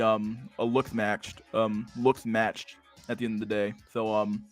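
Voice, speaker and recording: A man's voice: fairly low pitch, level tone, unhurried, no room sound, faint music behind. A man hosting a casual livestream, rambling crudely and swearing as he reacts to memes. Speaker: livestream host.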